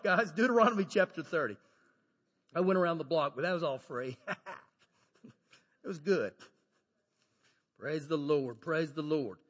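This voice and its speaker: A pastor preaching a sermon, animated, moving between loud shouted lines and low quiet asides. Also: male voice, breathy edge. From Texas. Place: church sanctuary. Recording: long hall reverb.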